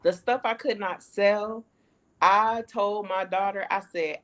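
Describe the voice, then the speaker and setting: A woman from the United States telling a lively story in a casual chat, acting out the dialogue. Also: medium pitch, slow. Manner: animated storyteller acting out quoted dialogue, laughing often. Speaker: panelist sharing her relocation story.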